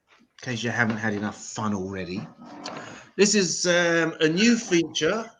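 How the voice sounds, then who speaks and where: A man's voice: medium pitch, slight background noise, low-quality recording. An English man hosting an open mic comedy show, with profane, self-mocking stand-up banter. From England.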